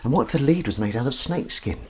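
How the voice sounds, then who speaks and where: A man's voice: mid-range voice, lively intonation, fast talker, a little hiss or hum. Rambling, chatty man washing up. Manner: rambling, chatty, talks to viewers and his cat, sings little tunes. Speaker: live-stream host. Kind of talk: casual live-stream chat while washing up. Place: home kitchen.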